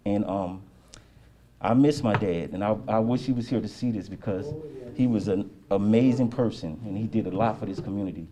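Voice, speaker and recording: A man, the son of the honoree, giving an emotional, halting tribute speech at an outdoor street ceremony, with many fillers and restarts. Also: on the low side, crowd noise.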